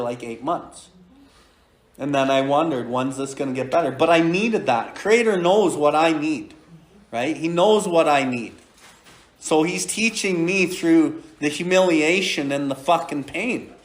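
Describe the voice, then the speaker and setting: Man, 40s, recovery podcast host; blunt, swearing, laughing storyteller; slightly high voice, echoey room. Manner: blunt, profane, laughing as he tells it. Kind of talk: casual storytelling.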